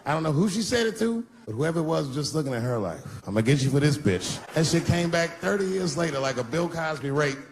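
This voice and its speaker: A man in his forties performing a stand-up comedy set in a large theater, swinging between high squeals and low drawls for effect. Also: expressive, fast, few pauses, a little hiss or hum. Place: large theater stage before a live audience.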